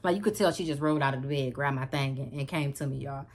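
A woman vlogger telling a story casually to camera, animated and emphatic, often repeating herself and addressing her viewers. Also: very deep voice, fast talker.

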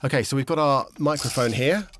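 A man teaching microphone technique in a relaxed, explanatory way, with frequent ums and restarts, recorded on a studio condenser microphone. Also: medium pitch, fairly quick. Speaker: instructor. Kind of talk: casual instructional explanation. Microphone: studio condenser microphone with pop shield.

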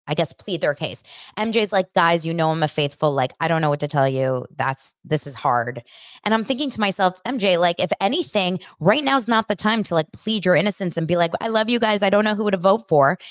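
Woman, 30s, podcast host, casual chat, excitable storytelling, lowish voice, dry close sound. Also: dry recording. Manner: excitable, animated retelling with acted-out quotes. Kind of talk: casual chat recapping reality TV.

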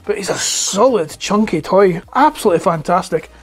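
Hoarse Scottish man in his forties. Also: sits high, lively intonation, moderate pace, soft background music. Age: 40s. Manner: rambling, chatty, swears freely. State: hoarse, voice about to break. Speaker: toy collector vlogger. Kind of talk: casual chat to camera. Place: at home indoors. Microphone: clip-on lapel mic.

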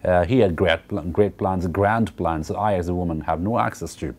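A literature lecturer with a low, slightly mellow voice discusses a novel in a university course at a moderate pace. He explains step by step, checks in with "okay" and "right," and uses many fillers and repeated words.

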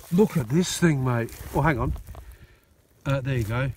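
An excitable Australian man chatting and joking outdoors in a paddock while metal detecting. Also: mid-range voice, moderate pace, slight background noise. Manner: excitable, jokey, laughs often. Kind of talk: casual outdoor vlog chat.

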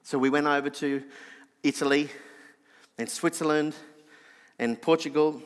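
A middle-aged Australian man with a nasal voice, telling a personal story in an animated sermon. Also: measured pace, big-room sound. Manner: animated anecdotal, drops soft and low for reflection. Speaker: preacher.

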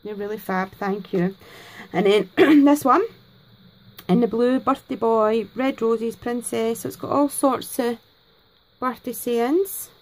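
Taking her time, a craft vlogger with a fairly high, slightly mellow voice chats to the camera from her home craft desk. Over a rough recording, she unboxes gifts and pours out thanks in an effusive, exclamation-filled way.

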